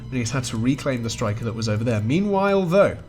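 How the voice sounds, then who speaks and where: A man's voice: medium pitch, very animated, quick pace, a little mellow. Man casting a strategy game, faint music. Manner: chatty, wry, chuckles often. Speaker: esports caster. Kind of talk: play-by-play game commentary.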